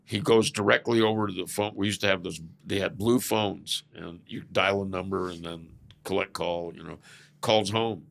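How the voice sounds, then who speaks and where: Gravelly low-voiced older man telling stories. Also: fairly even intonation, normal speed, a bit bright. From California. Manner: blunt and profane, chuckling as he tells stories. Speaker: podcast guest. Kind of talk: storytelling in a casual interview.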